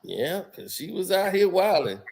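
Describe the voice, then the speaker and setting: A man telling stories casually on a podcast, animated and laughing through them. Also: high-pitched, moderate pace, creaky. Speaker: podcast host. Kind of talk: casual storytelling.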